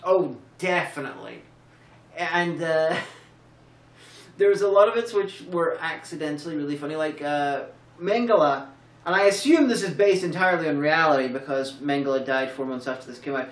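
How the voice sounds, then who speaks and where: A woman's voice: deep voice, normal speed. A woman co-hosting a casual film review, tired and rambling through sarcastic, jokey riffs with plenty of restarts. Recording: roomy, distant mic.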